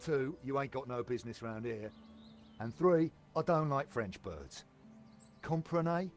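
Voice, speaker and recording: A man plays a hostile heavy who guards a rich man's gate in a video game. He sneers and mocks at a steady middle pitch, with a touch of game music behind him. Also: a little slow, natural voice. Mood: sneering. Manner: sneering, mocking, threatening. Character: surly hostile male gatekeeper guarding a mansion.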